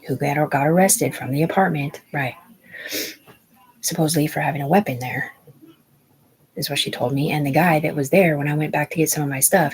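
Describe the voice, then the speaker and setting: A woman's voice: sits low, darkish tone, a little hiss or hum, low-quality recording. A woman in her forties telling a long personal story on a livestream, rambling and agitated, swearing often and restarting her sentences. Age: 40s.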